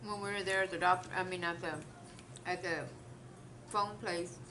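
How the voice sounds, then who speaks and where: A woman's voice: lowish voice, little pitch movement, moderate pace, sharp tone, slight background noise. A young woman vlogger casually telling viewers a story and acting out the other people's lines as she eats. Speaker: mukbang vlogger.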